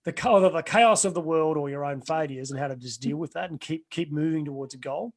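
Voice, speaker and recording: Middle-aged male coach, earnest and rambling, voice sits a touch high. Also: fairly quick. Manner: earnest, rambling with restarts and anecdotes. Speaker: life coach. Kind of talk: webinar Q&A answers.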